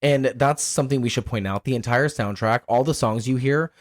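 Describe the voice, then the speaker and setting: A man's voice: medium pitch, a little fast, no room sound. A man with a mid-range voice talks through a movie plot in a loose, chatty way, often breaking into laughter. The sound is dry and close, with no room around it. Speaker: podcast co-host. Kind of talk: casual film review chat.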